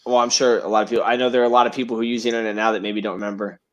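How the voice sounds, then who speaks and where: A man's voice: fairly low pitch, flat delivery, very fast, muffled recording. A man co-hosting a podcast, rambling and joking crudely in casual banter. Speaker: podcast co-host.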